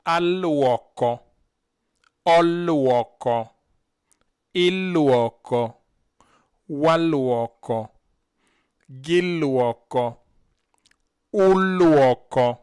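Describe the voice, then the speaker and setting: A man's voice: a little high, extremely slow, long pauses, a little mellow, clear, resonant tone. A man teaching vocabulary on a live stream, saying each word syllable by syllable and having a learner repeat after him. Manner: drills words syllable by syllable, then has the learner repeat. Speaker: language teacher.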